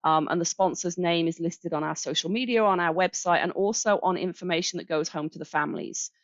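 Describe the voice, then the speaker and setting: A woman's voice: fairly low pitch, a little fast, dry recording. Brummie english woman on a podcast, chatty and friendly, kinda dull dry sound. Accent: Birmingham English. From England. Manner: chatty, friendly, explains in steps with fillers. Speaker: charity director guest. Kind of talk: casual podcast interview.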